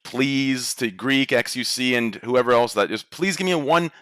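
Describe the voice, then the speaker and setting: Casting: male podcast host, bright, bossy organizer, dry close sound. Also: mid-range voice, normal speed, smooth, dry recording. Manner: bossy, organizing, talks over others. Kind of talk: casual podcast chat.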